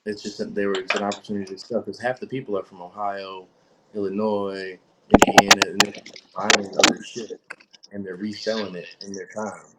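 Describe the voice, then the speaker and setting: A man's voice: on the low side, moderate pace, very noisy. A man chatting casually as a podcast guest, swearing freely and acting out the people in his stories. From Michigan, US. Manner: profane, animated storytelling with quoted voices.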